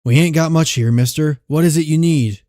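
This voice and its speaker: A man's voice: fairly high pitch, brisk, dark tone, no echo, clean studio sound, voice pushed up, lightly acted. A man doing a frightened pleading settler. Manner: pleading, raised voice. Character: frightened frontier settler begging for mercy.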